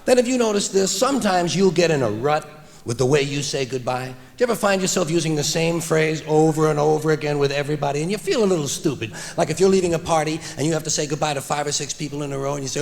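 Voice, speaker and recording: A man doing a stand-up comedy routine on stage, with a wry, deadpan delivery that builds to loud punchlines, recorded live for a vinyl album. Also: fairly high pitch, fast, vocal fry. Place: theater stage before an audience. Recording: live vinyl recording with long hall reverb and audible audience.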